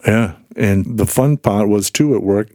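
A man's voice: fairly low pitch, unhurried, dry recording, clean studio sound. A man guest on a faith podcast, telling personal stories in casual conversation and acting out the voices he quotes. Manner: animated storyteller, acts out quoted voices.

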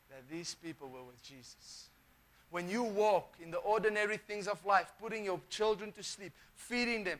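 A man's voice: high voice, fairly bright tone. A man preaching a sermon, emphatic, often repeating phrases and restarting sentences.

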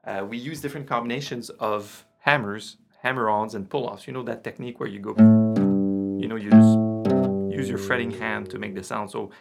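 A man teaches guitar in a loose, relaxed way, counting the beats out loud. His voice has a gravelly, creaky edge, and clear guitar playing sits under his words. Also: on the low side, brisk. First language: French. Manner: relaxed, counts beats aloud while explaining. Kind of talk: casual online guitar lesson. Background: his own guitar.

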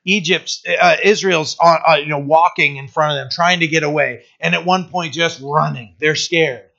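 Male preacher, bright tense tone, muffled lo-fi church tape. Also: fairly high pitch, moderate pace, gravelly. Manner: conversational preaching with restarts and rising emphasis. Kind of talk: sermon.

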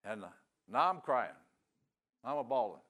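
A man's voice: mid-range voice, big pitch swings, normal speed, a bit bright. Older man preaching a folksy testimony. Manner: folksy storytelling with rural grammar. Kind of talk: sermon testimony.

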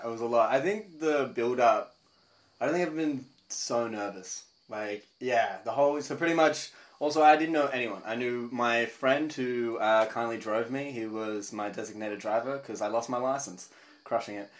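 A young man, a comedian talking as a podcast guest, telling a story in a rambling, animated way. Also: medium pitch, moderate pace. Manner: rambling, animated storytelling with laughs and voiced asides. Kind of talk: casual interview chat.

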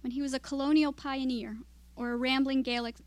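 A woman writer reading her own fiction aloud at a literary evening, in steady, measured storytelling. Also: sits high, dry recording.

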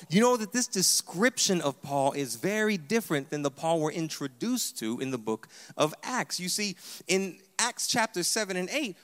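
Male pastor, animated emphatic sermon delivery, slightly higher voice, long hall reverb. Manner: animated, emphatic preaching with repeated "hear me". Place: church sanctuary.

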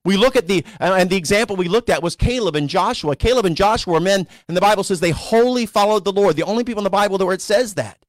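A male pastor preaching a sermon in a conversational storytelling way, sometimes rising to animated emphasis. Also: high voice, quick pace, hardly any pauses, no room sound. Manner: conversational storytelling preacher, voices characters casually.

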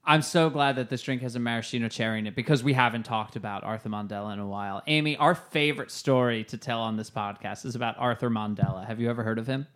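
A man's voice: mid-range voice, fast talker, hardly any pauses, a bit bright. A man co-hosting a comedy podcast, telling rambling stories and jokes. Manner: joking, rambling storyteller. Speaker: podcast co-host. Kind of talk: casual comedic podcast chat.

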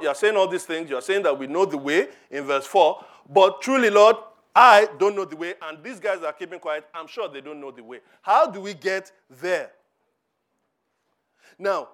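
A man preaching a sermon in church, animated, asking rhetorical questions and acting out quoted voices. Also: fairly high pitch. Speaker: pastor.

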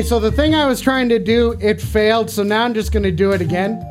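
A man's voice: sits high, a little fast, hardly any pauses, music in the background. A man livestreaming, bantering crudely and teasingly with his chat in a casual way.

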